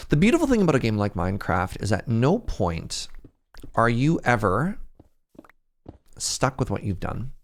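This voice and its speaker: A man's voice: medium pitch, wildly swooping pitch, normal speed, long pauses. A young man from Canada streaming a building game, chatting casually with viewers, thinking aloud and poking fun at himself. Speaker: Minecraft streamer. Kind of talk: casual gameplay chat with chat.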